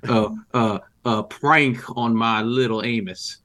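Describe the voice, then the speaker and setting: Rich: A gruff small-town rancher with a short fuse, as a man plays him at a tabletop game. He rambles folksily and stumbles over fillers. He swears freely. His pitch sits in the middle for a man. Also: steady tone, slow, a bit bright. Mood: folksy. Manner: folksy, hesitant, full of fillers and cursing. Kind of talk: in-character role-play.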